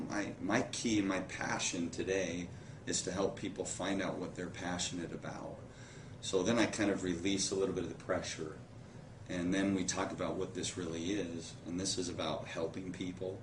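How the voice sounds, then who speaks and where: A man being interviewed about his years in network marketing, speaking earnestly and laughing as he tells stories. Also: deep voice. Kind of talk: conversational interview. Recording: roomy echo, somewhat distant mic, faint background noise.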